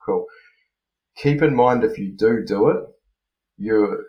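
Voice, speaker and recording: A man chatting casually on a podcast, relaxed and rambling, with many fillers and restarts. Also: on the low side, takes it slowly, lo-fi sound. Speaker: podcast co-host, freestyle motocross rider. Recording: roomy echo.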